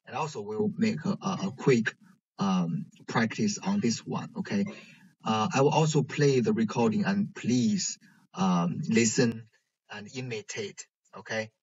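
A man teaching a language lesson in English, pausing often with fillers. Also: on the low side, darkish tone, slightly rough. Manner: hesitant, many pauses and fillers. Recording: dull lo-fi recording.

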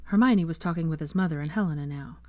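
A fan fiction reader narrating a chapter aloud in a calm, steady way. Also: medium pitch, quick pace, dry recording. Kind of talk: reading a novel aloud.

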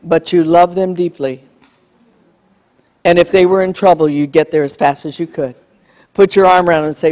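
Speaking in a lowish, dark-toned voice at a moderate pace, this woman pauses often and keeps her intonation fairly even. She gives a forceful keynote about bullying before a live crowd, voicing what parents and children say, with long hall reverb around her.

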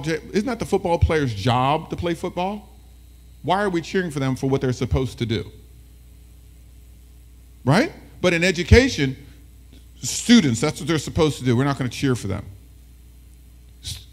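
A man giving a motivational presentation to educators as a keynote speaker, lively and talking with the audience, often acting out voices. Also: fairly high pitch. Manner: animated, talks with the audience, acts out voices.

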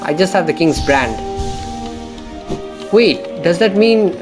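A young man comments on his gameplay in a loose, rambling way, swearing freely and getting excitable. His voice sits a bit high and he takes his time with words. Game music runs steadily underneath. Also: takes it slowly, rough recording. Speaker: let's play gamer.

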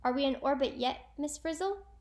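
A woman's voice: high voice, moderate pace, darkish tone, pitched above the performer's own voice, close to an everyday voice. A woman voicing an eager, confident schoolgirl who loves space, in a storybook read-aloud. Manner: eager, confident, know-it-all.

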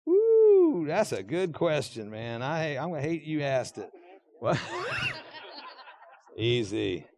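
A middle-aged man preaching a sermon in a church, animated and joking with the congregation. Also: fairly high pitch, slow, background noise. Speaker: pastor. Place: church sanctuary.

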